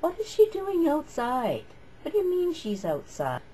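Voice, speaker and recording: A woman voicing a stern male schoolteacher who barks sharp, commanding orders at a class. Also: mid-range voice, slow pace. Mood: exasperated.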